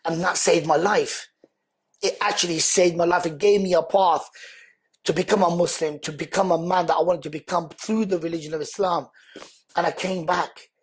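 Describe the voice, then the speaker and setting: Husky man telling his story. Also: on the high side, normal speed. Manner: animated, earnest, acts out quoted speech loudly. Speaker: podcast guest. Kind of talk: personal storytelling in conversation.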